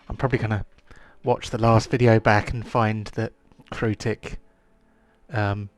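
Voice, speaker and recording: A man's voice: lowish voice, no echo. A man running a tabletop game in casual chat, hesitant with many ums. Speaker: game master.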